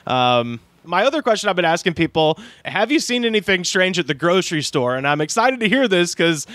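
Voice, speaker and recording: A man's voice: high voice, big pitch swings, fairly quick, fairly bright tone, no echo. A man hosting a podcast in a studio, chatting casually and telling stories with frequent laughs. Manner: chatty, storytelling, laughs often. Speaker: podcast host. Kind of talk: casual chat. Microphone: studio microphone.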